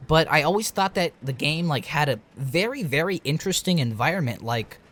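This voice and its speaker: A man's voice: fairly high pitch, animated, a little fast, fairly bright tone. A young man talking in a loose late-night video rant, rambling with lots of fillers and restarts. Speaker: game reviewer.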